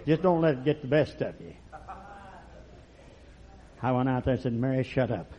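A man preaching a fiery, folksy sermon that swings from low murmurs to loud shouts. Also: moderate pace. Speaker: pastor. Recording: lo-fi recording.

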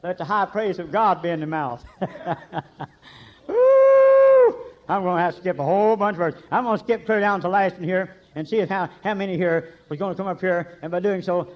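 An older man preaches a sermon in a folksy, story-telling way, slightly high-voiced for a man. He swings from shouted praise down to near-hushed warnings. The recording is dull and lo-fi. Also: brisk. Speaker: pastor.

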